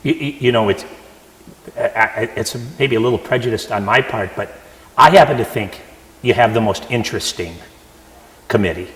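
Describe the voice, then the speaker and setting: A man's voice: on the low side, moderate pace, pauses often, a bit bright. A man hosting a television interview, asking questions conversationally with frequent stammered restarts. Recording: roomy with long reverb.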